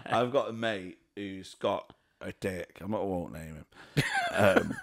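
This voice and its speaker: Blunt male podcast co-host with a low voice, crude jokes. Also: a little slow. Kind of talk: casual comedic chat.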